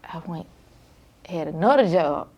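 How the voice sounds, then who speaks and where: A mother's lowish, slightly rough voice, heard on lo-fi audio, moves a little slowly and expressively as she describes looking after her son with sickle cell. She speaks candidly and emotionally, informal throughout, often using "like" and repeating her own self-talk.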